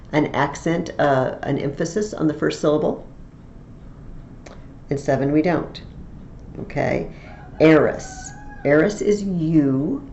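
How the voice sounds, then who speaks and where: Slow, patient woman teaching Latin. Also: deep voice, mellow, reverberant, lo-fi sound. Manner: patient, slow, step-by-step explaining. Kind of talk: recorded tutorial lesson.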